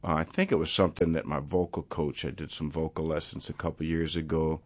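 A man musician talking casually in an interview, reflective and rambling, thinking out loud about his playing and singing. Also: very deep voice, level tone, fairly quick, no room sound. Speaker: musician guest.

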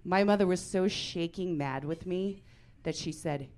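A woman in her forties performing a stand-up comedy set, telling stories in a deadpan way that breaks into loud outbursts. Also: fairly low pitch, unhurried, slight background noise.

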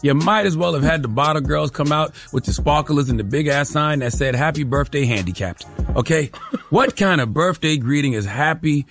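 A man's voice: a little high, normal speed, faint music behind. A male radio host delivering a mocking comedic rant, tossing in "okay?" after every point. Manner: animated, mocking, repeats "okay?" often.

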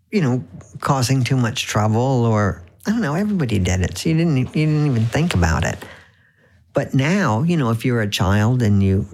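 A man's voice: medium pitch, a little mellow. A man being interviewed as an author on the radio, telling wry anecdotes with frequent restarts. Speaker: author guest.

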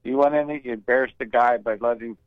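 A man's voice: medium pitch, fairly even intonation, fast talker, dry recording. Male radio caller, cynical and talkative, dry and muffled call audio. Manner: chatty, cynical, repeats words. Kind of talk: casual call-in talk. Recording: dull phone-line call.

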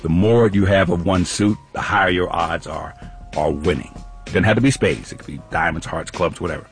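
A man's voice: low voice, a little fast, soft background music. A man co-hosting a radio show, telling a casual story with lots of laughs.

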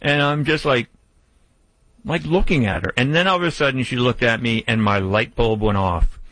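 Male radio host, mid-pitched, storytelling, chatty, close dry studio mic. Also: normal speed, dry recording, low-quality recording. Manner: storytelling, chatty, animated retelling. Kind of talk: casual radio chat.

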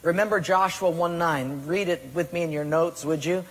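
A pastor preaches a sermon emphatically, now and then acting out his listeners' excuses. His voice is a little high and a bit bright, at a normal speed. It rings out in a large, reverberant hall.

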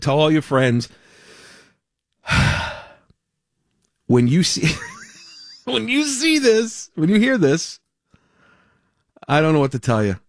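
Animated talk radio host, man. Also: medium pitch, no echo, clean studio sound. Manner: excitable, teasing, rapid restarts.

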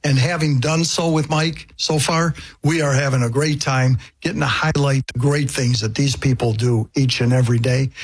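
A man guesting in a casual radio interview, speaking earnestly and measured. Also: on the high side, slightly rough. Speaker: guest, show host.

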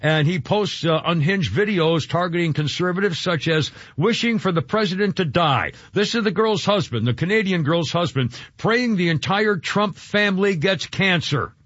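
A man's voice: high voice, expressive, moderate pace, few pauses, a bit bright, no echo. A man hosting a talk radio show, ranting indignantly and rambling with many fillers, heard over a dull lo-fi broadcast.

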